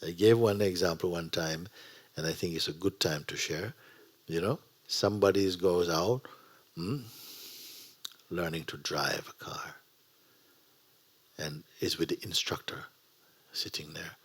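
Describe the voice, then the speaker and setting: A man teaching a spiritual gathering in a gentle, unhurried way, often dropping to a whisper. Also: deep voice, husky. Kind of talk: sermon to a gathering. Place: satsang gathering.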